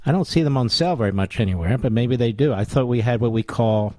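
A man's voice: mid-range voice, fast talker, darkish tone, no room sound. Man, talk radio host, sarcastic, combative monologue, dry close sound. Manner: sarcastic, combative, scornful rhetorical questions; addresses his producer on air.

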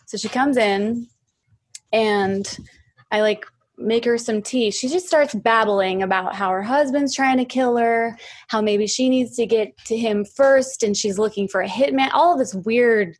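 A woman's voice: fairly high pitch, measured pace. A woman guest on a podcast telling a spooky personal story in casual chat, full of "like" fillers and the odd swear word. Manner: chatty, heavy on "like" fillers, swears freely. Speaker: podcast guest, singer-songwriter.

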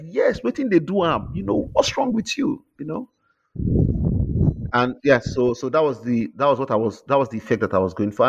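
A man with a Nigerian accent, an author talking in an interview with lively, repeating restarts. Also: mid-range voice, muffled recording. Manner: animated, repeats words when restarting. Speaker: author and guest. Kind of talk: interview conversation.

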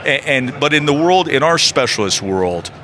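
Animated middle-aged man telling stories. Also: mid-range voice, normal speed. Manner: animated, emphatic storyteller. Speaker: podcast guest. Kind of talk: casual chat.

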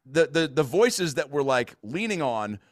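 An American man in his thirties, rambling in a profane, animated way through a casual podcast chat. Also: fairly high pitch, a little slow, dry recording, studio quality. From United States.

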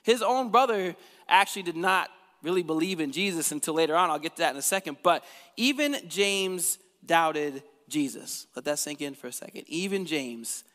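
Casual, energetic preacher in a reverberant church. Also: male voice, a little high, normal speed. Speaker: pastor. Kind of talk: sermon.

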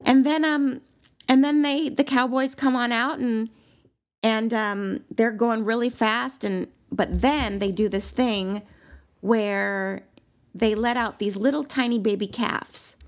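A woman co-hosting a casual chat, telling a long story with animated delivery and sudden high squeals. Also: takes it slowly.

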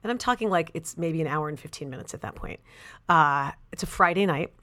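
A woman in an interview, an actress telling a personal anecdote in a casual, animated way, full of "like" and "you know". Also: low voice, a little fast. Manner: animated and chatty, many "like" and "you know" fillers. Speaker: actress and author, interview guest.

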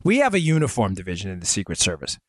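A man's voice: lowish voice, wildly swooping pitch, quick pace, no room sound, studio quality. A man in his forties hosting a political commentary podcast, talking emphatically to his listeners with sarcastic asides and stories. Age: 40s. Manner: storytelling, addresses listeners as folks. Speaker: podcast host.

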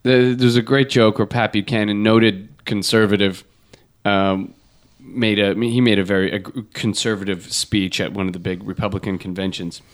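A man's voice: fairly low pitch, level tone, moderate pace, hardly any pauses. Rambling joking male podcast host. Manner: rambling, joking, many restarts. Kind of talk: comedy podcast banter.

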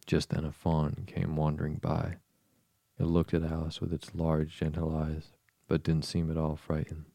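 A man narrating a storybook in a steady, even storytelling manner. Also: extremely low pitch, moderate pace, creaky, no room sound. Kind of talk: storybook reading.

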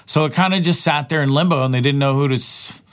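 A man's voice: a little high, fast talker. A man hosting his own podcast in a rambling, profane solo monologue, often restarting his sentences. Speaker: podcast host.

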